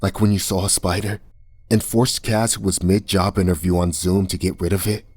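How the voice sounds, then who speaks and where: A man's voice: low voice, fairly even intonation, normal speed, breathy edge, no echo. A man voicing a frantic young man held captive, talking harshly and close to sobbing. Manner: sharp, harsh, near sobbing. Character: frantic young male captive, bitter and raw.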